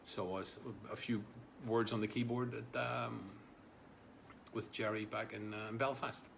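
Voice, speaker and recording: A man's voice: on the low side, level tone, unhurried, vocal fry, a bit bright, slight background noise. A man hosting a casual live stream, reading out viewer comments in a rambling way, with many fillers and repeated words. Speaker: livestream host.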